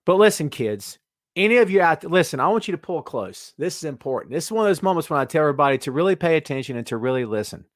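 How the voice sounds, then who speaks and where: Animated, higher-pitched male podcast host. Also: fast, dry recording, studio quality. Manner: emphatic, addresses listeners as kids. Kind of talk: opinionated live-stream commentary.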